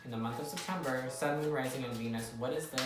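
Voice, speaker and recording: A woman's voice: rumbling low, fast. A woman giving a casual tarot reading to viewers, chatty and repetitive, often checking in with "okay?". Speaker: tarot reader. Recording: echoey room, mic at a distance.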